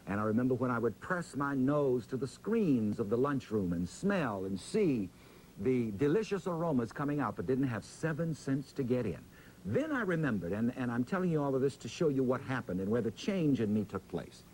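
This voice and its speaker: Male preacher, interview guest; animated pitch, slow dramatic emphasis, faint rumble. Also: poor audio. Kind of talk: interview answers, preacherly storytelling.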